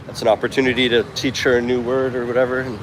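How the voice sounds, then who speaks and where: A travel vlogger, a chatty man with a medium-pitched, level voice, talks fast as he films a casual walking vlog through a busy outdoor city street market. His delivery rambles, full of chatter and self-correcting asides. He records on a handheld phone, with traffic and street noise running behind his voice.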